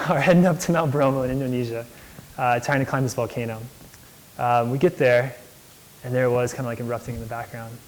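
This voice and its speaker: A man's voice: mid-range voice, darkish tone, rough recording. A young man, an entrepreneur, speaking in a casual, enthusiastic storytelling lecture style, full of "like" fillers. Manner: enthusiastic, chatty, many "like" fillers. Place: lecture hall.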